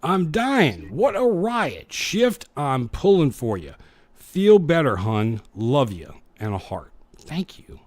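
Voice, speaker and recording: This is a man hosting a casual live stream, working through viewer comments with quick jokes and laughs. His voice sits a little high and is very lively in pitch. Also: dry recording. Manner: jokey, laughs between comments. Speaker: live show host.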